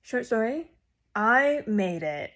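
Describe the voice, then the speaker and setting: A young woman vlogger telling a rambling story casually to a phone camera. She jumps in volume and pitch when she quotes herself. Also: takes it slowly. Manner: animated and rambling, with sudden loud jumps when quoting herself.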